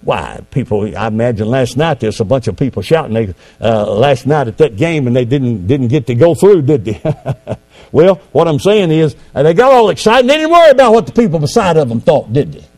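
A man preaching a sermon fervently, swinging from quiet asides to loud exclamations. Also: medium pitch, very animated, fairly quick.

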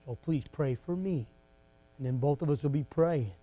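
A man's voice: fairly high pitch, moderate pace. A man preaching a fervent, folksy revival sermon in a church. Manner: fervent, folksy, rising to shouts.

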